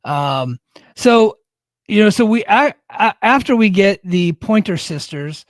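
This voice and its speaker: Blunt, higher-voiced male podcast co-host. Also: animated, unhurried, dry recording, studio quality. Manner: blunt, opinionated, swears freely. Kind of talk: casual chat.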